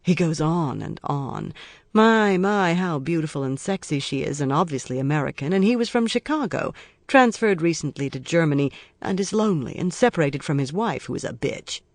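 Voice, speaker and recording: An audiobook narrator reads a thriller in a steady, measured way. The voice sits at a middle pitch. The studio sound is dry and close, with no room echo.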